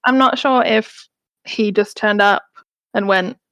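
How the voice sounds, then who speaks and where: A woman's voice: mid-range voice, unhurried, a bit bright, no echo. A woman casually recapping a film on a podcast, rambling with lots of fillers. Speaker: podcast co-host.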